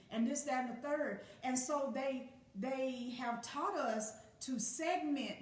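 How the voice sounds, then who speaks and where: A woman giving a casual motivational talk as a spiritual teacher, speaking bluntly and emphatically with plenty of profanity. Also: a little high. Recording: echoey room, distant from the mic.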